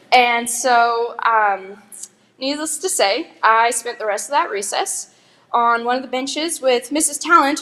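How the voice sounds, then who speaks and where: At a school graduation ceremony, the young valedictorian delivers a commencement speech full of jokes, chatty remarks, and giggles. She speaks in a fairly high voice with a fairly bright tone.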